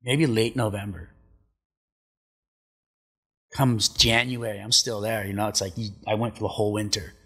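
Laid-back husky-voiced man telling stories. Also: on the low side, steady tone, normal speed, pauses often, pushed and bright. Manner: laid-back, swears a lot, acts out quotes. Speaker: podcast guest, pro surfer. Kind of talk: casual storytelling. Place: studio.

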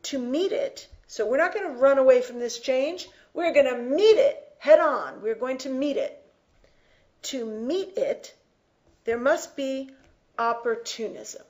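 A woman teacher giving a lecture, stopping often to explain single words and lean on them for emphasis. Her voice sits a little high, and she takes her time over every phrase. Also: darkish tone. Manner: emphatic, repeats and defines words slowly. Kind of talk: lecture, close reading of a text.

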